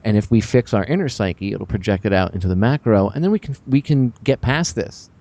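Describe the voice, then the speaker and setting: A man hosting a radio talk show, rambling with sarcastic, animated asides. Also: fairly low pitch, a little fast, lo-fi sound.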